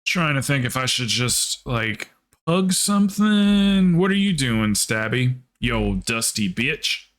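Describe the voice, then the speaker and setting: A man's voice: mid-range voice, unhurried. A man streaming a game, chatting casually, rambling and cursing, with lots of laughs and mimicry. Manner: rambling and profane, with frequent laughs; animated, mimics others in quotes. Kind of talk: casual livestream chat while gaming.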